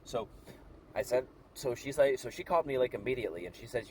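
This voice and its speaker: A man's voice: medium pitch, expressive, fast, darkish tone, a little hiss or hum. Man telling a story outdoors. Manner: rambling, restarts and quoted dialogue. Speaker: vlogger. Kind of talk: casual storytelling to camera.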